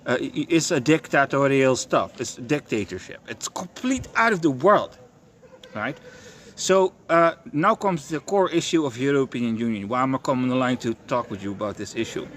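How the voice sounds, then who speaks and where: A man's voice: mid-range voice, animated, normal speed, a bit bright, a little hiss or hum. A young man ranting in a monologue. He swears a lot, stammers and keeps repeating himself. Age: young adult. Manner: profane, stammering, repetitive.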